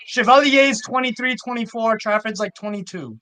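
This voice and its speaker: A man's voice: very high voice, fairly quick, bright, forceful tone. A man co-hosting a fan stream who talks in an emphatic, insistent way with plenty of swearing. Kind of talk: casual chat.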